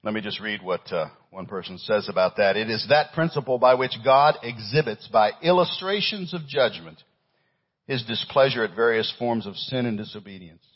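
A man preaching a sermon as pastor, swinging between loud stressed lines and hushed low phrases. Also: animated, moderate pace, breathy edge, lo-fi sound.

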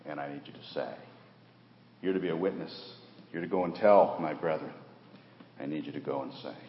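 A man preaching a sermon as pastor, dramatic, swinging from hushed passages to loud exclamations. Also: rumbling low, fairly quick. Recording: roomy, dull lo-fi church recording.

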